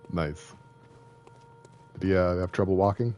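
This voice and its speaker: A young man with a fairly low voice chats through a game stream, rambling from thought to thought. He jokes easily and keeps poking fun at himself. The talk is loose and casual. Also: a little mellow. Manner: joking, rambling, self-deprecating. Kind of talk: casual live-stream commentary.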